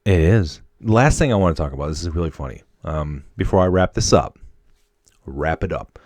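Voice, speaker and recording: A man in his thirties from Wisconsin, with a faint Upper Midwest accent, hosting a casual solo podcast in a slangy, excitable, chummy way. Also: low voice, normal speed, no room sound. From Wisconsin, USA. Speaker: podcast host.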